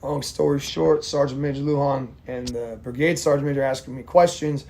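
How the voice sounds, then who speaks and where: A man's voice: mid-range voice, fairly even intonation, a little fast, gravelly, mellow, a little hiss or hum. A man who served in the army, telling a war story in a blunt, rambling monologue full of swearing. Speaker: army veteran vlogger.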